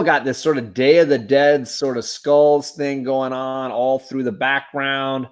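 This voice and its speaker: Enthusiastic man chatting on a live stream, middle pitch, casual. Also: measured pace, hardly any pauses, clean tone. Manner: enthusiastic, animated shout-outs. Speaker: guest co-host.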